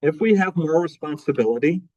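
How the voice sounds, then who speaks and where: Husky, mellow-voiced man lecturing a class. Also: fairly high pitch, lively intonation, quick pace, dull audio. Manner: conversational, rhetorical questions, repeats key phrases. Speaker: philosophy professor.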